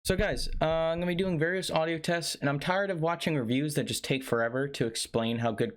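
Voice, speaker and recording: A man's voice: on the high side, a little fast, background noise. Enthusiastic man reviewing a microphone. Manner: enthusiastic, salesy, addresses viewers as guys. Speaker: tech reviewer. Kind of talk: casual product review. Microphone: condenser USB microphone on desk.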